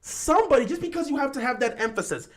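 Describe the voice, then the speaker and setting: A man's voice: extremely high pitch, animated, fast talker. A man hosting a live-stream football talk show, greeting viewers and arguing his points animatedly.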